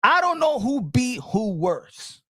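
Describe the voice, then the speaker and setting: Male boxing streamer, rowdy and trash-talking, high and very animated, dry mic. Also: takes it slowly, dry recording. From Dominican Republic family roots. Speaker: boxing channel host. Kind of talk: excited live commentary.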